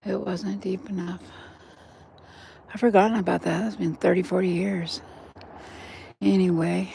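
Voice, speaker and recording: A woman's voice: fairly low pitch, fairly even intonation, unhurried, gravelly, pauses often, mellow, slight background noise. An older woman rambling through a walk-and-talk vlog outdoors by a river, chatting straight to her viewers on a handheld phone. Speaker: vlogger. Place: outdoors by a river in cold weather.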